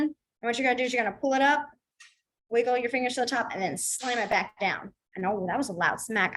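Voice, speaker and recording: A woman's voice: a little high, a bit bright, rough recording. Chatty woman teaching a sign language class. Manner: chatty, filler-heavy, acts out feelings in quoted asides. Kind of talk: casual online class instruction.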